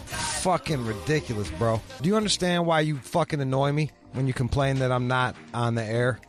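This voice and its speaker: A man's voice: mid-range voice, moderate pace, hardly any pauses, soft background music. A man hosting a talk radio show, ranting in a brash, profane, combative way.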